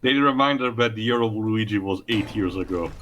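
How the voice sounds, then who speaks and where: A man's voice: lowish voice, a little fast, fairly bright tone, dull audio, slight background noise. A man hosting a let's play, explaining the game's story in casual commentary and laughing often. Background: game music.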